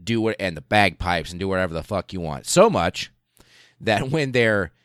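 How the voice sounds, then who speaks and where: A man with a very low voice tells a history story in a loose podcast style, swearing freely and tripping over his words. The recording is dry and close. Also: normal speed, dry recording. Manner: excitable, profane, many fillers and restarts. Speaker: podcast host.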